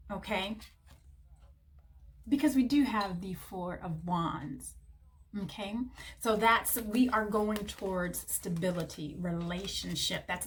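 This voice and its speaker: A woman giving a tarot reading to her viewers, gushing and affectionate, calling the listener honey and baby. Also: medium pitch. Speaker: tarot reader.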